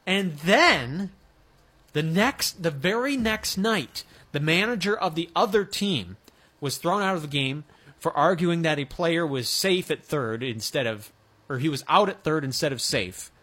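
A man's voice: a little high, lively intonation, unhurried, bright, forceful tone. Joking radio sports host, a man. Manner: chatty, joking, with restarts. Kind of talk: casual sports talk.

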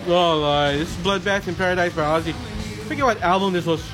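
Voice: mid-range voice, a little fast, over music, poor audio. A local show host chatting casually and reading Halloween poems aloud in a rambling, sing-song way.

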